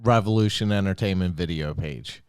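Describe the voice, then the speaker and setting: Profane, excitable man hosting a podcast. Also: low voice, moderate pace, clean tone, dry recording, studio quality. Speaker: podcast host. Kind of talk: casual podcast chat.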